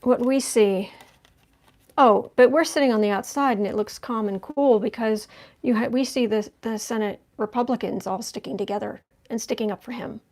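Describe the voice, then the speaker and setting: Woman tarot reader, higher register, livestream host, talks her thoughts through card by card. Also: normal speed, a little mellow. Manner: thinks aloud while turning cards, conversational.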